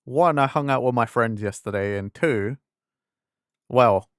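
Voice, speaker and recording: A man's voice: medium pitch, measured pace, no echo, clean studio sound. A man from England with an English accent, chatting casually on a game stream and acting out conversations as he rambles on. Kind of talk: casual live-stream chat.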